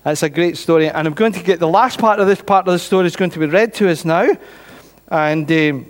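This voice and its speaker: A man telling a Bible story to a church congregation in an animated storytelling way. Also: fairly high pitch, a little fast. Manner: animated storytelling, voices characters. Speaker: preacher. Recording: reverberant church hall.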